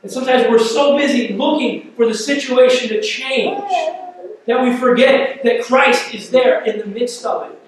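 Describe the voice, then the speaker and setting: Animated high-voiced pastor in an echoey church. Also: male voice, normal speed, slight background noise. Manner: animated, acts out quotes, conversational asides. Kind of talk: sermon. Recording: echoey church hall from far off.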